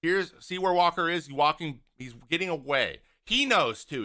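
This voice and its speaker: A man with a bright, forceful voice pitched a bit high talks casually over a replay. He acts out each player's lines with big swings of pitch and loudness. He sounds blunt and openly exasperated. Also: normal speed, hardly any pauses. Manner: animated, acts out what players say. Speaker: host, former pitcher. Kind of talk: casual video breakdown commentary.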